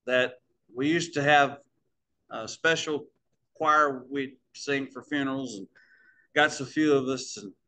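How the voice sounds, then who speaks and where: A man's voice: mid-range voice, bright, forceful tone. A man preaching the close of a sermon in a small church, in a folksy storytelling way that speaks to the congregation as folks.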